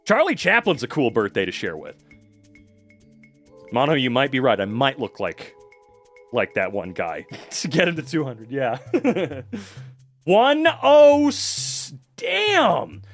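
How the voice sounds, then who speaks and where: Brief: young guy streamer, lively swinging pitch, casual and sweary, faint music behind. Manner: excitable, swears a lot, laughs often, reacts to chat. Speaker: livestreamer. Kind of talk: casual livestream chat.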